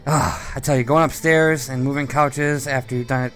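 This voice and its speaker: A man's voice: mid-range voice, fairly even intonation, normal speed, fairly bright tone, faint music behind. A man co-hosting a podcast, telling a long, rambling personal story in a conversational way. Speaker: podcast co-host. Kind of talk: casual podcast chat.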